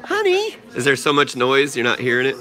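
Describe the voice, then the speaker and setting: A man in his thirties hosting a family livestream from home, talking to his young daughter and viewers in an exclamatory, sing-song way with frequent high leaps. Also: flat delivery, quick pace, background noise. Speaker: vlogger dad hosting a livestream. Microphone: phone camera.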